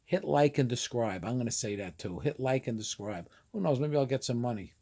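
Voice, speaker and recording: A man's voice: medium pitch, expressive, fairly quick, mellow, slightly rough. A middle-aged man from northern New Jersey with a New Jersey Italian-American accent, chatting casually in a rambling, streetwise way and swearing offhandedly. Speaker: vlogger. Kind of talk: casual monologue.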